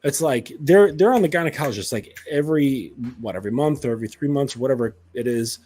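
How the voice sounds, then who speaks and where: A man's voice: medium pitch, expressive, quick pace, a little mellow, soft background music. A man coaching other men in a casual monologue, blunt and profane, with many fillers. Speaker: dating and self-improvement coach.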